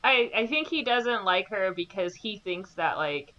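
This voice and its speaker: A woman's voice: mid-range voice, lively intonation, a little slow, bright, forceful tone, muffled recording. A woman co-hosting a casual movie podcast, reacting with short comments and questions. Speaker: podcast co-host.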